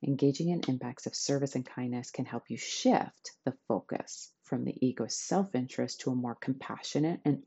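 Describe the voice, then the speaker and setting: Chatty self-help podcast host, warm gravelly voice, kinda dull lo-fi sound. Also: mid-range voice. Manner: chatty and enthusiastic, addresses listeners as guys. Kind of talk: casual motivational self-help talk.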